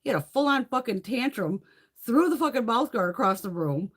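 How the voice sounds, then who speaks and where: Blunt, lively woman telling stories with lots of swearing. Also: on the high side, fairly quick, slightly rough. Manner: profane, blunt and animated, often laughing. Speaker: beauty vlogger hosting a live haul stream. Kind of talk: casual livestream chat and storytelling.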